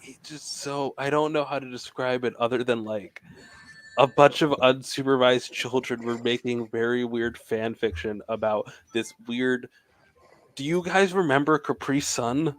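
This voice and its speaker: A man's voice: mid-range voice, measured pace. A man co-hosting a casual show, chatting while watching gameplay, rambling with restarts. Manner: rambling, frequent restarts and laughs. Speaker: podcast co-host.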